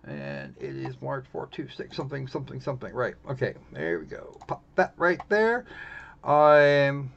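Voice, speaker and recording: A man's voice: medium pitch, wildly swooping pitch, normal speed, creaky, fairly bright tone. A man hosting a live stream, chatting casually in a wry, rambling way and often correcting himself mid-sentence. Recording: muffled lo-fi stream audio.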